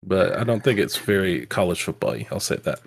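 A man's voice: low-pitched, a little fast, vocal fry, slightly rough, no room sound. A man from Georgia co-hosting a sports podcast, chatting casually with lots of fillers. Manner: animated, hesitant fillers. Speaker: podcast co-host.

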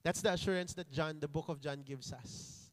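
A man preaching a sermon, slow and emphatic, slipping Tagalog phrases into his English. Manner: voices pleading children in a high voice.

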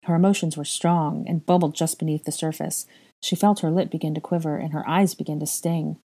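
A woman reading a story aloud at a steady, measured pace. Her voice is breathy and soft, with a dark, mellow warmth and a lowish pitch. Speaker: audiobook reader. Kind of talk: fan fiction audiobook narration.

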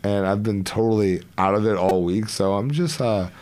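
A man's voice: on the low side, moderate pace, a crowd in the background. A man co-hosting a casual wrestling podcast chat, laid-back, swearing often and laughing. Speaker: podcast co-host.

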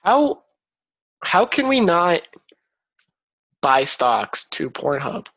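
A man's voice: a little high, sing-song, drawn-out words, fairly bright tone, dry recording. A man co-hosting a podcast in casual chat, joking and ranting with lots of "like". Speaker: podcast co-host.

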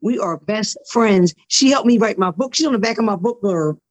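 Animated woman telling her story. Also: mid-range voice, moderate pace. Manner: animated, acts out quoted dialogue, repeats words when excited. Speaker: podcast guest. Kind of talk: casual interview storytelling.

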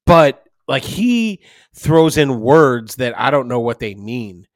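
Male co-host, casual and rambling, medium pitch, dry close sound, recording from his desk. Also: very animated, takes it slowly, dry recording. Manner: rambling, restless, swears casually. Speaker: podcast co-host. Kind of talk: casual chat.

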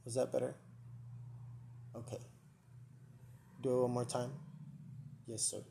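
A man's voice: mid-range voice, little pitch movement, a little slow, gravelly, noisy background. A man hosting a live comedic podcast, rambling, joking and swearing at himself. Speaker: podcast host. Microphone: earpiece and mic, live stream.

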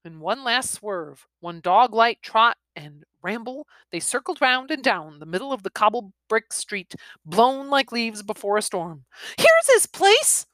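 A woman reading a story aloud in a soft, expressive voice that often drops into a whisper. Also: medium pitch, measured pace, hardly any pauses, no echo. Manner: soft, partly whispered delivery.

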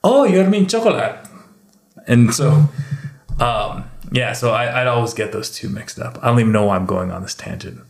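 Man, casual chat, animated storyteller, gravelly voice, echoey room. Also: lowish voice, normal speed. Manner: animated storyteller, slips into mimicked accents.

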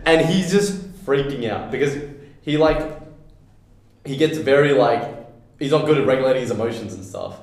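A young man tells a story to friends in an animated way, slipping into the voices of the people in it. His voice is of middle pitch. It rings loudly around a very echoey room. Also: moderate pace, pauses often. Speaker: podcast co-host. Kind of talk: casual chat among friends.

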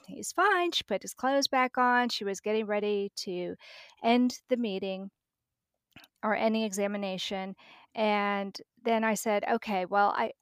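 A middle-aged woman appears as a podcast guest, vividly recounting a personal story and acting out the dialogue. Her mid-range voice is clean, recorded in a clean studio with no room sound.

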